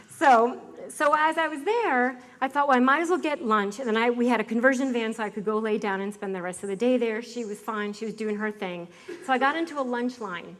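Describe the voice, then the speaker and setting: A middle-aged woman giving a personal testimonial to an audience in a lively, chatty way, laughing often and throwing questions at her listeners. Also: a little high, fast talker.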